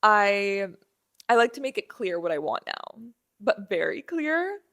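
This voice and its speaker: This is a young female podcast host recounting a casual story with lots of fillers and restarts, acting out the dialogue of the people in it in an animated way. Her voice is mid-range and unhurried.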